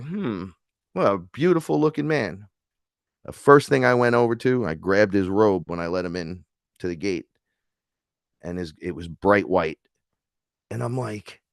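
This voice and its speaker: Animated, low-voiced man telling a story. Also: no echo, clean studio sound. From New York. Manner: animated, acts out quoted voices, swears freely. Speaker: podcast guest. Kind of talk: casual storytelling.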